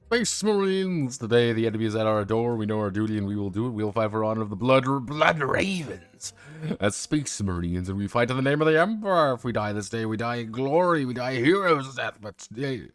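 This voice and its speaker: A man voicing a stern male space marine captain giving a rousing, rushed battle speech to his troops. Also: mid-range voice, animated, smooth, no echo, natural voice.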